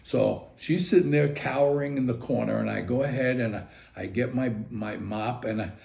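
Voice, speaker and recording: Gravelly older man telling a story. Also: medium pitch, normal speed. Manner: animated, chatty, repeats "okay?" often. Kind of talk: casual personal storytelling. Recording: roomy echo.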